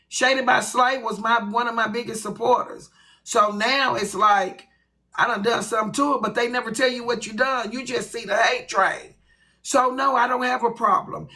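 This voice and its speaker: A woman hosts her own livestream, ranting bluntly with plenty of profanity. Her voice is a little high with a sharp tone, and the recording is rough.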